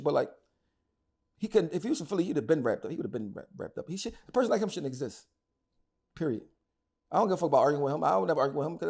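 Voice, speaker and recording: A man's voice: high voice, gravelly, a little mellow, breathy edge. A man, talking bluntly and heatedly as an interview guest, often repeating words as he goes. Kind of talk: casual interview talk.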